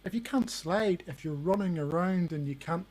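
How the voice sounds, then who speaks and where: A man's voice: sits high, moderate pace, a little mellow, rough recording. Earnest man talking games. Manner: earnest, repeats "you know". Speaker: podcast guest. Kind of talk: casual gaming chat.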